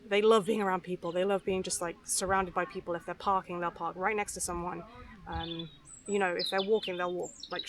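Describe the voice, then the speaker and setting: Soft-spoken woman rambling outdoors. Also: fairly low pitch, background noise. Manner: soft, unhurried, frequent fillers and restarts. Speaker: vlogger. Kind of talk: candid rambling talk to camera. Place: outdoors beside a river on a footpath.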